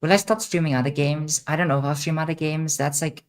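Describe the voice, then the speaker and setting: A woman's voice: low voice, fairly even intonation, fast talker. A young woman streamer hosting a casual Q&A, rambling and repeating herself with many fillers. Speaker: streamer host. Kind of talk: casual livestream Q&A.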